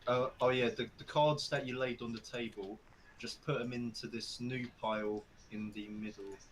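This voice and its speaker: Man, casual rule explainer, faint hiss behind, mid pitch. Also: steady tone. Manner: explains rules with quick restarts. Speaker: player running the game round. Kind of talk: casual chat over voice call.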